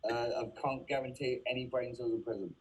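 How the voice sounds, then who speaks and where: DJ, husky, worn out, rambling, webcam mic. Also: male voice, medium pitch, little pitch movement, brisk, poor audio. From South London. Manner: rambling, many fillers, casual swearing. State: tired after a long studio day. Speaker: guest DJ and producer. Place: music studio.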